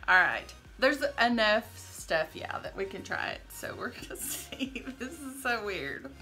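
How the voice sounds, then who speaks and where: A middle-aged woman with a bright, crisp voice, upbeat and easily delighted in casual chat. Soft music sits faintly behind her. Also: mid-range voice, sing-song, moderate pace, few pauses, low-quality recording. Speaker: vlog co-host, mother.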